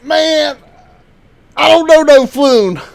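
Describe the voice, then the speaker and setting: A man voicing a young male gang thug who has been captured, whimpering, pleading and yelling in panic. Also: extremely high pitch, slow pace, gravelly, full character voice.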